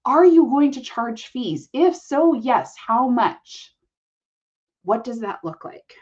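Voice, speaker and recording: A woman's voice: fairly high pitch, very animated, takes it slowly, a little mellow. Direct woman coaching on a dull recording. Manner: direct, matter-of-fact, talks to the listener as "you". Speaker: podcast host and business coach. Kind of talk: coaching podcast monologue.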